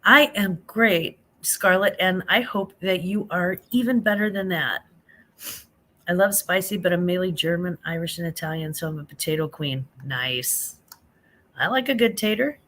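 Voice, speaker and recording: A woman's voice: fairly low pitch, moderate pace, fairly bright tone. A half-awake woman hosting a casual late-night live stream on her phone, chatting and reading viewer comments aloud, calling people honey.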